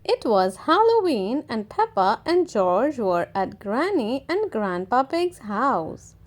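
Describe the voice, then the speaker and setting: A woman reading a children's picture book aloud, slowly and expressively for young listeners. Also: on the high side, sing-song. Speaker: storyteller. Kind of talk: children's story read-aloud.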